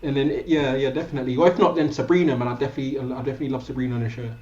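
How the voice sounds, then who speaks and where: A man's voice: medium pitch, steady tone, very fast, a little mellow, a little hiss or hum. A young man, a professional speaker, talking casually as a podcast guest. He stumbles over his words and laughs often. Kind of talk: casual interview chat. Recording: roomy, dull lo-fi sound.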